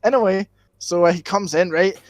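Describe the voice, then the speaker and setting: A young Scottish man telling a school story on a podcast, sweary and excitable, tagging "right?" onto his sentences. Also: high-pitched, normal speed, no echo. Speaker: podcast co-host. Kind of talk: casual storytelling chat.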